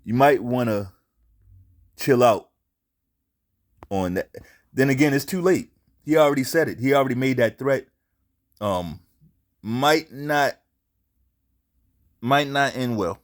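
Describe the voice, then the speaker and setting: A man's voice: medium pitch, expressive, slow, pauses often. A man hosting a casual commentary show, speaking bluntly and profanely and repeating himself for emphasis. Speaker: commentary channel host.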